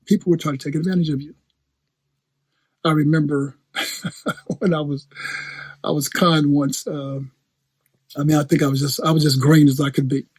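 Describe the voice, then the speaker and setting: A male preacher with a husky voice, set a little higher than most men. He tells a story in an animated way, repeats his phrases and laughs often. The sound is dry and close. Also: normal speed, pauses often, no echo. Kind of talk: storytelling sermon.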